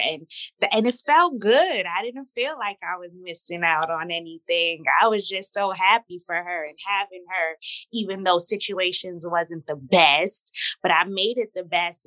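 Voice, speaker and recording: A woman's voice: medium pitch, no echo. A woman in her thirties from Brooklyn with a New York accent, a guest talking casually and animatedly in an interview. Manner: animated, code-switching, laughs often.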